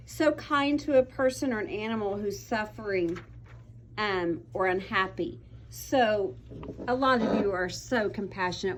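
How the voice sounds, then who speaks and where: A woman's voice: mid-range voice, a little hiss or hum. A young woman teaching a class of children, patient and encouraging, calling on pupils by name. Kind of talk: classroom vocabulary lesson.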